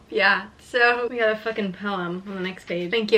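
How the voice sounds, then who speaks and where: A young woman recording a casual book vlog in her bedroom, chatty and emotional, going from hushed to excited. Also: medium pitch, normal speed, hardly any pauses. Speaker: book vlogger.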